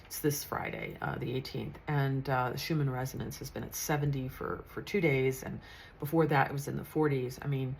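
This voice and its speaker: A woman's voice: rumbling low, fairly even intonation, brisk, creaky, a little hiss or hum, low-quality recording. A woman in her fifties, a psychic medium telling a story in a chatty, earnest way with frequent restarts. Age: 50s. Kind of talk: casual storytelling monologue.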